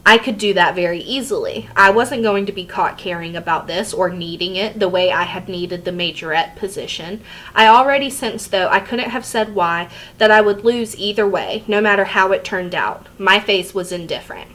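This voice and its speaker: A woman reads a memoir aloud at a steady, plain pace for her students to follow along. Now and then she breaks off to explain a passage in simple, casual words. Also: mid-range voice, moderate pace, low-quality recording. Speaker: teacher reading to a class. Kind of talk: reading a memoir aloud with brief comments.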